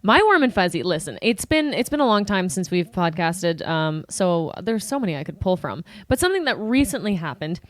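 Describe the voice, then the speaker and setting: A woman co-hosting a podcast in casual chat, talking eagerly and jumping in with quick asides. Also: on the low side, sing-song, dry recording. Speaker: podcast co-host.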